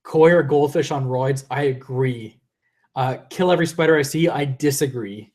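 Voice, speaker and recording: A man's voice: mid-range voice, moderate pace, a little mellow. A young man hosting a live stream and reading viewer comments aloud. He rambles, restarts his sentences, laughs often, and is losing his voice. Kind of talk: casual live-stream chat.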